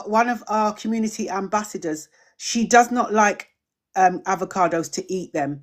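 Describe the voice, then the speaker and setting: Woman, middle-aged, live-stream host, casual chat, repeats herself, mid pitch. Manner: chatty, repeats phrases, reads out comments and welcomes viewers. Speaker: host of a community drop-in.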